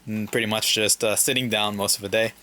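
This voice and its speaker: A man narrating a relaxed family home vlog in a low-key way. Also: fast talker. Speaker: vlogger father.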